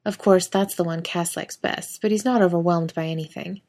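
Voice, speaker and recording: A woman reads a story aloud with a slightly low voice. Her narration is soft and even, and she speaks the quoted lines gently rather than fully acting them. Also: moderate pace. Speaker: fan fiction reader. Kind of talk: audiobook-style story reading.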